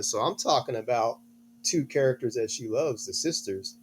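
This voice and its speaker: Middle-aged guy, kinda hoarse voice, earnest storyteller, ordinary pitch, restarts a lot. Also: moderate pace, slight background noise. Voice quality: slightly hoarse. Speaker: guest, a father. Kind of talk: interview storytelling.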